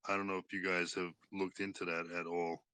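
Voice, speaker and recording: A man with a very deep, flat voice chats casually and hesitantly. His tone is bright and forceful. The sound is dry and close. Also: fairly quick, clean tone, no echo. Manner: hesitant, full of fillers and restarts. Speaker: podcast participant. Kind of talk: casual chat.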